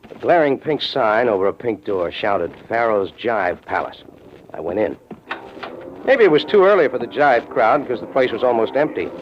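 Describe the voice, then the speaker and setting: A man's voice: medium pitch, sing-song, moderate pace, slight background noise, lightly acted. An actor narrating as a dry, wisecracking hard-boiled male detective in a 1940s radio drama. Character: tough, wry male private eye. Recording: dull vintage radio with music bed.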